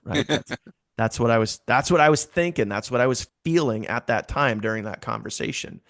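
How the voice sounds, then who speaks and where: A man telling a casual story to his team, animated and repeating phrases for emphasis. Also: medium pitch, a little fast, dry recording, clean studio sound.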